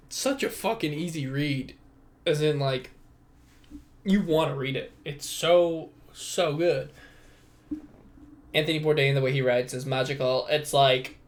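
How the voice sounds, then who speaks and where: A man's voice: medium pitch, a little hiss or hum. A young man hosting a casual solo podcast, rambling and self-mocking, swearing freely. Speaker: podcast host.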